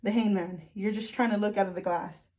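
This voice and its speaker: A woman's voice: medium pitch, steady tone, a little fast, darkish tone. A woman giving a casual, frank tarot reading who laughs often and swears now and then. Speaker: tarot reader.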